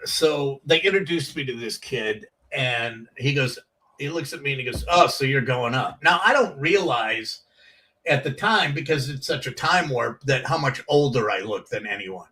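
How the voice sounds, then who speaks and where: A comedian telling animated stories from his years on the comedy circuit, acting out the voices of people in them. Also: mid-range voice, moderate pace, far from the mic, rough recording. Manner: animated storyteller, acts out quoted voices. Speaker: comedian guest. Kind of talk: casual storytelling.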